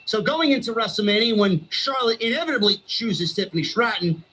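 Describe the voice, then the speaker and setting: A man's voice: sits high, animated, a little fast, bright, forceful tone, a little hiss or hum, low-quality recording. A male streamer delivering a heated, sarcastic wrestling rant full of swearing.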